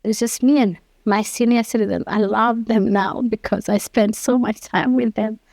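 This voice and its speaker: A woman's voice: fairly high pitch, fairly even intonation, normal speed, creaky, a little mellow, no room sound. A woman in her fifties, an interview guest, telling her personal story earnestly and acting out the dialogue she quotes.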